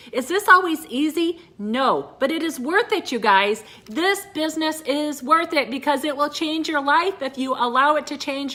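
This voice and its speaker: A woman's voice: high voice, bright, forceful tone. A middle-aged woman giving an earnest motivational talk to her sales team, repeating phrases, teary-eyed at times. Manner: earnest, repeats phrases, addresses viewers as you guys. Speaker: direct sales consultant.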